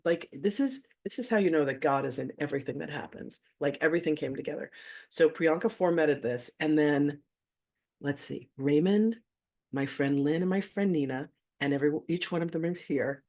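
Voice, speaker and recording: Telling a story to an online audience at a spiritual gathering, the host gushes in a loose, chatty way, chuckling often and cussing now and then. The medium-pitched voice is a little mellow, at a moderate pace.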